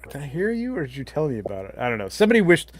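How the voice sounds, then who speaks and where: A man in a casual podcast chat, retelling a story with a lively voice and hedging aloud. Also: a little high, rapid-fire, dry recording.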